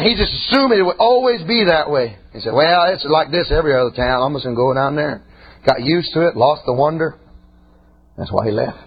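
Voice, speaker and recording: A male preacher delivers a fiery, folksy sermon in a husky, breathy voice. His pitch rides high and lively, dropping low for asides and climbing to shouts. The recording is dull and lo-fi. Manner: swings from quiet talk to high shouting, folksy.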